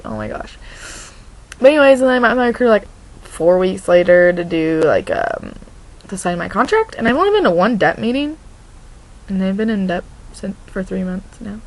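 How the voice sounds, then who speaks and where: A young woman from Oregon telling a story in a casual vlog, her voice sitting on a steady vocal fry. She rambles, fills nearly every phrase with "like," and often stops to restart her sentences. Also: mid-range voice, a little fast, low-quality recording. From Oregon, USA. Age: young adult. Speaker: vlogger.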